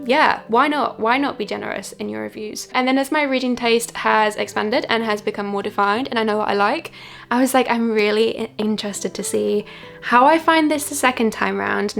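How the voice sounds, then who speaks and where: A young woman book vlogger in a chatty, gushing monthly review, her voice sitting a touch high with a gravelly fry. She doubles and triples words for emphasis, and soft music plays underneath. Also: moderate pace. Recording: light background music.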